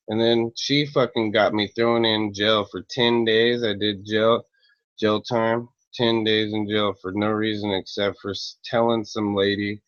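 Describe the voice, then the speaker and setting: Slow, low-voiced man ranting profanely. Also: fairly even intonation, no echo. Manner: profane, rambling, with frequent throat clearing. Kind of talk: casual angry rant to camera. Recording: dull lo-fi, dry close sound.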